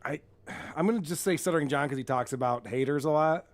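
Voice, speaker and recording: A man with a fairly high voice hosts a loose podcast quiz game. He jokes, swears and breaks into laughs as he runs it. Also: fast talker. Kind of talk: casual podcast banter.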